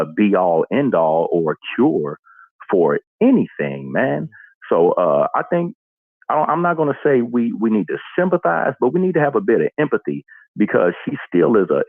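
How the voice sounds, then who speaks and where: A man's voice: sits low, vocal fry, breathy edge, no room sound. A man calling into a livestream, giving earnest, reflective casual commentary over a phone line. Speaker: caller to a livestream.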